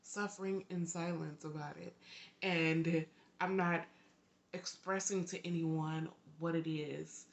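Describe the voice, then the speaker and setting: Brief: earnest young woman vlogger, low-pitched voice, emphatic heartfelt delivery. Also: slow pace, vocal fry. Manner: earnest, emphatic repetitions, lively swings in loudness. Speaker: vlogger and author. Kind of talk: heartfelt direct-to-camera talk.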